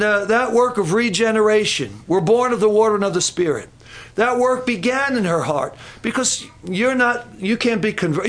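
A man's voice: sits high, a bit bright. A man preaching a sermon, telling a Bible story with repeated words and quotes.

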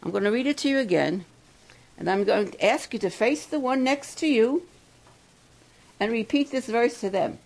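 A woman giving a devotional talk to campers and adults, asking the crowd questions and slowing down to stress key words. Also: fairly high pitch, creaky, a little mellow, rough recording. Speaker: camp speaker.

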